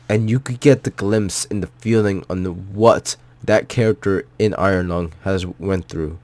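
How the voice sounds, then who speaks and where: A man's voice: lowish voice, darkish tone, no echo. A man giving an emotional, heartfelt movie reaction, choked up and near tears, repeating himself and swearing. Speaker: vlogger.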